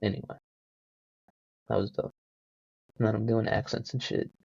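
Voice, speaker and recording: A man's voice: on the low side, level tone, moderate pace, vocal fry, a little mellow, husky, no echo. A man hosting a podcast who rambles casually and jokes, often putting himself down. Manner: joking, self-deprecating, full of fillers. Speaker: podcast host. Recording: dull lo-fi home mic.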